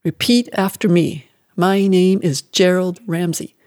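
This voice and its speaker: A man voicing a cruel, angry mother who barks harsh commands in a loud, raised voice. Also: high voice, fairly even intonation, a little slow, no room sound, clean studio sound. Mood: harsh commanding.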